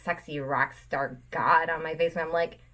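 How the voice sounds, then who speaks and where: A chatty woman from the Midwest, on a podcast as a guest, who laughs easily. Her voice sits very low for a woman. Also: steady tone, normal speed, bright, forceful tone. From Midwest United States. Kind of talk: casual chat.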